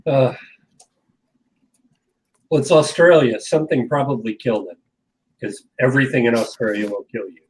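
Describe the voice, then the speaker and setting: A man co-hosting a casual podcast chat, cracking dry jokes and tossing in quick questions. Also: medium pitch, low-quality recording. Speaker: podcast co-host.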